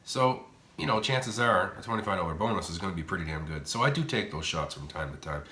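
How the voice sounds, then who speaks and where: A man hosting a slot machine vlog, rambling bluntly and swearing casually as he plays in a casino's high limit room. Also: animated, fast talker, pushed and bright, roomy sound. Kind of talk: casual gambling commentary.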